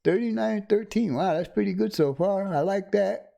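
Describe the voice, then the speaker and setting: A man's voice: high voice, moderate pace, vocal fry, warm tone. A middle-aged man casually chatting on a home livestream, greeting viewers by name with frequent chuckles, close to a desk microphone. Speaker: livestream host. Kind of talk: casual live-stream chat. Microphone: desk condenser microphone.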